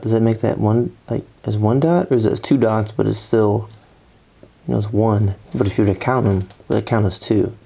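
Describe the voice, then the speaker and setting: A man's voice: lowish voice, creaky, mellow. A sleepy man chatting in a rambling, offhand way about his drawing as he works. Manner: rambling, drowsy, lots of fillers and trailing thoughts. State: sleepy, yawning. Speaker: artist doing doodle commentary. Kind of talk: casual rambling commentary while drawing.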